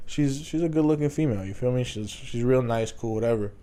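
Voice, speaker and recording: A man's voice: medium pitch, fairly quick, warm tone. A man co-hosting a podcast, telling a rambling, profane workplace story with frequent laughs. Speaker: podcast co-host. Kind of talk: casual storytelling chat.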